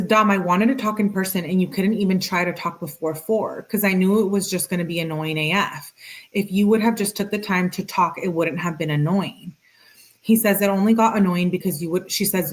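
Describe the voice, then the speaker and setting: A woman hosting a commentary video, reading text messages aloud in a plain, unhurried way with dry asides. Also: on the low side.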